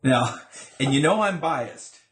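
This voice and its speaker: A man with a voice of middling pitch leads a relaxed interview, teasing his guest in a playful way. The room around him is echoey and roomy. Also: takes it slowly. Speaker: interviewer, author. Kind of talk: casual interview.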